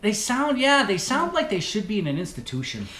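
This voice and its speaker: A man co-hosting a podcast in casual chat, wisecracking with deadpan asides. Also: high-pitched, brisk. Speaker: podcast co-host. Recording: roomy echo, faint hiss.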